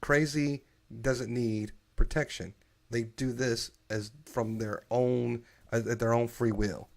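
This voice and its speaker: Gravelly guy hosting a live podcast, worked up, keeps restarting his sentences. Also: medium pitch, takes it slowly. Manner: animated, opinionated, many restarts. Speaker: podcast host. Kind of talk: casual live-stream chat.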